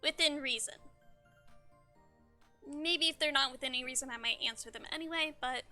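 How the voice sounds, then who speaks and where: High, bright-voiced giggly woman streamer. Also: lively intonation, moderate pace, soft background music. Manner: bubbly, chatty, giggly, stumbles over words. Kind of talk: casual livestream chat.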